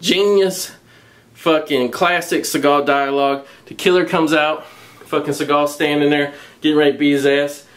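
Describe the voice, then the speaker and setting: A man's voice: fairly high pitch, normal speed. Foul-mouthed mocking male movie reviewer. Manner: crude, profanity-laden, mocking; animated storytelling with laughs. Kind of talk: casual profane film review.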